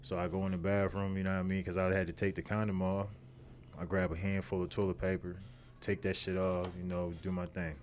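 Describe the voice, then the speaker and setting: Young Philly man, podcast host, very low voice, blunt street storytelling, faint hiss behind. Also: level tone, a little fast, a little mellow. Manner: profane, repetitive, streetwise storytelling. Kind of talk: casual storytelling monologue.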